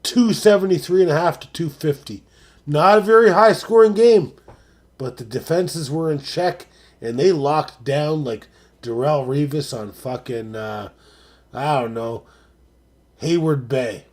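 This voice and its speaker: A man hosting a live stream, talking casually and profanely, dropping to mutters and then rising to excited shouts. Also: mid-range voice, measured pace.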